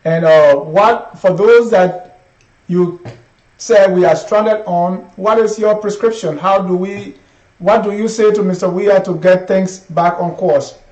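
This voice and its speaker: A man's voice: high voice, a little slow, a little mellow. Distant echoey male host asking questions. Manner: probing, presses the same question. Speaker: interview host. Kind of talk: interview questions. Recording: distant, echoey, dull lo-fi sound.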